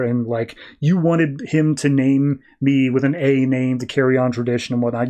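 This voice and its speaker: A young man on a podcast casually recapping a comic, acting out the characters' lines in quick put-on voices. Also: medium pitch, steady tone, darkish tone. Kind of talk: casual chat.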